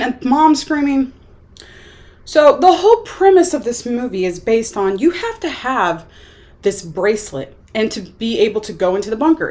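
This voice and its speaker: A woman's voice: on the high side, a little mellow. A young woman vlogging a casual movie review, rambling and chatty with lots of filler words. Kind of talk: casual chat.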